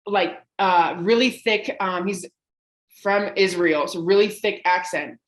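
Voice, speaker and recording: A woman's voice: medium pitch, a little slow, rough recording. Laughing young woman telling bar stories. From Colorado, USA. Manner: loud, laughing, swearing storyteller. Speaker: guest, bartender and comedian. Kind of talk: casual podcast chat.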